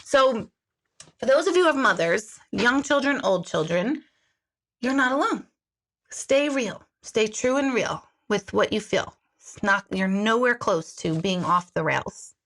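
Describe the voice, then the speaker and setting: A woman's voice: mid-range voice, unhurried. A woman in her forties, an intuitive life coach, chatting candidly with viewers in a sarcastic, jokey way and swearing freely. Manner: animated, jumps between comments. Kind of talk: casual live chat answering viewer comments.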